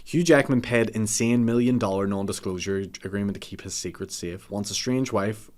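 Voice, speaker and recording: A man's voice: fairly low pitch, a little fast, a little mellow. A man, a podcast guest trading dry quips and laughing often in casual banter.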